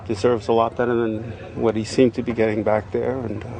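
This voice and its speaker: A man bystander speaking outdoors in a halting, reflective, hesitant way. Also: medium pitch, little pitch movement, vocal fry, mellow, poor audio.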